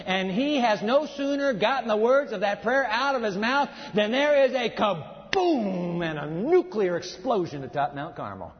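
A high-voiced man preaches with emphatic swings from booming to hushed. His voice carries a long reverb from a large hall, and the sound is slightly dull. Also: lively intonation, moderate pace, few pauses. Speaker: pastor. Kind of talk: sermon.

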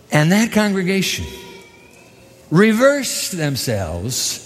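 A man's voice: fairly high pitch, moderate pace. A man preaching a sermon as pastor, dramatic and emphatic, acting out the voices in the story. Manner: dramatic, acts out quoted voices, lively emphasis. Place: church hall. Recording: long hall reverb.

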